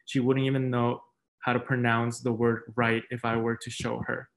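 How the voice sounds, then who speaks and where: Flat-voiced young man reading poems. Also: mid-range voice, vocal fry. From Mexican American, raised outside New York. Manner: measured, deliberate delivery with soft fillers between poems. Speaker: poet. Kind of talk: poetry reading. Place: at home, online reading. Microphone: video call.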